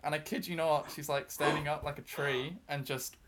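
Speaking at a moderate pace with fairly even intonation, this man has a slightly high, somewhat bright voice, with a little noise behind him. He's a non-British podcast guest rambling through a long story, tripping over fillers and restarts and poking fun at himself.

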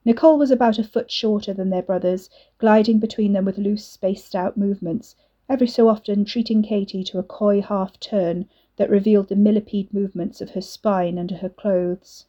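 A woman narrating an audiobook in a measured, expressive reading. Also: medium pitch, highs cut off.

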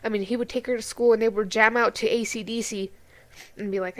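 A woman's voice: fairly high pitch, fairly even intonation, a little fast, a bit bright. A woman co-hosting a podcast in casual chat, blunt and emotional, swearing often and near tears. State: tearful. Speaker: podcast co-host.

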